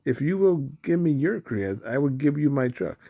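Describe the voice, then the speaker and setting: A man's voice: mid-range voice, lively intonation, normal speed, mellow. A man voicing a pushy schoolboy who talks others into bad trades. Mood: coaxing. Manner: wheedling bargainer.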